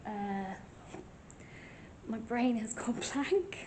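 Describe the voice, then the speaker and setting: High-voiced halting woman ghost hunter. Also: animated, a little mellow, a little hiss or hum. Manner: hesitant, halting, with nervous laughs. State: close to tears. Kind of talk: vlog commentary.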